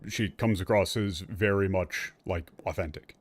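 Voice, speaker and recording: Low-voiced man rambling through stream commentary. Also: a little slow, dry recording. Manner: rambling, many fillers and restarts, swears when emphatic. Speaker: streamer playing and translating a game. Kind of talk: casual livestream commentary.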